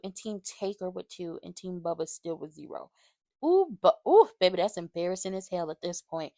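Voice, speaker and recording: Woman, recap vlogger, higher voice, dry close sound, animated, talks to the viewers. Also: no echo. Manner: animated, fired up. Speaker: YouTube show recapper. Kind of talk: casual recap commentary.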